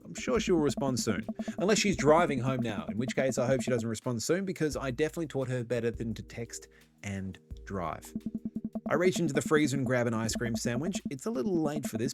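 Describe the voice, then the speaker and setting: A man streaming a dating game, reading its narration aloud with wry, joking asides. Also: mid-range voice. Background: game music.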